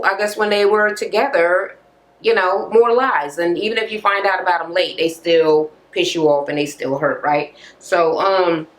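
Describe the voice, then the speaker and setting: A woman's voice: mid-range voice, poor audio. A woman vlogger recapping a reality TV episode in casual, blunt, profane talk, full of fillers and asides.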